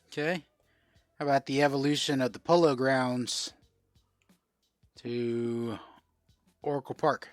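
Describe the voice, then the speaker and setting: A man's voice: medium pitch, steady tone, unhurried, long pauses, no room sound, soft background music. A man from South Florida hosting a casual live-stream card sale, chatting and answering viewer comments as he goes. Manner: chatty, reads out and answers viewer comments while selling cards.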